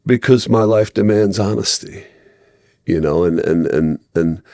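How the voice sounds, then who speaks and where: Low-voiced man telling stories in a rambling way. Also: unhurried, vocal fry, no room sound, clean studio sound. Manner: rambling, with many restarts and animated quoted voices. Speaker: podcast guest in recovery. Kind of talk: casual podcast storytelling.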